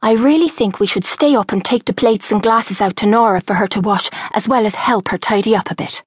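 A woman's voice: mid-range voice, brisk, husky, no echo, lightly acted. A woman doing a cross teenage girl. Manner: cross, defiant. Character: awkward, cross teenage girl, middle sister.

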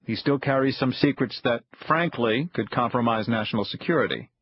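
A man voicing a frail elderly spy chief who speaks softly and with measured calm, in a husky tone. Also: mid-range voice, no echo, lo-fi sound, natural voice. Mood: calm, cold. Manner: soft-spoken, measured.

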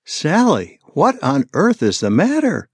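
A male audiobook narrator voicing a caring, anxious young mother in a soft, raised voice. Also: a little high, huge pitch swings, a little slow, slightly rough, no echo, studio quality, voice pushed up, exaggerated voice. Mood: worried. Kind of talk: audiobook character voice.

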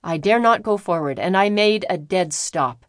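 A woman reading a classic novel aloud as an audiobook narrator, in lively storytelling fashion with the characters' lines put on. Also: lowish voice, normal speed, no echo, studio quality. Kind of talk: scripted narration.

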